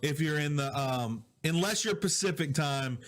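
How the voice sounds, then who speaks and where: Guy hosting a live stream from his office, kinda high voice, chatty, reading out comments, quiet mic. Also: lively intonation, moderate pace. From Southwest Louisiana. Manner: chatty, greets viewers and reads out comments. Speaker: digital host. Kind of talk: casual live-stream chat. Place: home office. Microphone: low-volume mic with problems.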